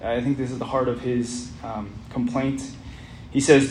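Man, Bible teacher, earnest, interactive lesson, mid-pitched voice, roomy echo. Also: little pitch movement, normal speed, darkish tone. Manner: earnest, asks the group questions. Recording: roomy echo, faint background noise.

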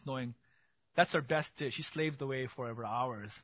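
A man preaching an expository sermon as pastor, swinging from loud emphatic bursts to quiet intimate asides. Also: medium pitch, moderate pace, dry recording, lo-fi sound.

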